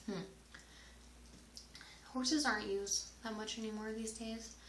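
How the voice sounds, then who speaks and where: A woman's voice: on the high side, fairly even intonation, takes it slowly, fairly bright tone, a little hiss or hum. A woman answering viewer questions in a casual, rambling vlog, sometimes dropping to a whisper. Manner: rambling, chatty, drifts into whispers at times. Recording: roomy echo.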